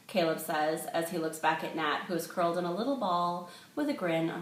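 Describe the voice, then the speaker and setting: A woman's voice: lowish voice, brisk, hardly any pauses. A woman reading her own novel aloud, giving each character a voice. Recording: echoey room.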